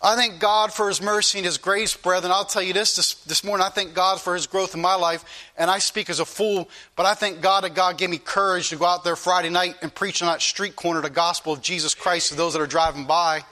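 A man's voice: high voice, fairly even intonation, fairly quick, bright, forceful tone. A male pastor preaching an earnest, repetitive sermon that rises into pleading questions to his congregation.

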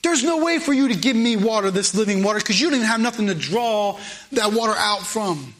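A man's voice: high voice, expressive, fairly bright tone, voice pushed up. A man voicing a skeptical Samaritan woman at a well, firing off repeated questions. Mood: incredulous. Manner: rapid, incredulous, repeating her questions.

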